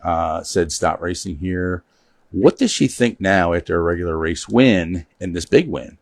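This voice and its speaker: A man hosts a relaxed studio chat, spinning jokey stories and reading out viewer comments. His voice sits fairly low and sounds dry and close to the mic. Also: measured pace, no room sound. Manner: storytelling, joking, reads viewer comments aloud. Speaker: show host. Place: small studio.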